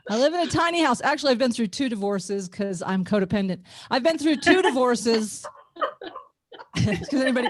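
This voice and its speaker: A woman's voice: on the high side, no echo. A middle-aged woman with an Ozark twang doing self-mocking stand-up comedy over a video call from her garage studio, laughing often. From Ozarks, USA. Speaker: comedian and former nurse.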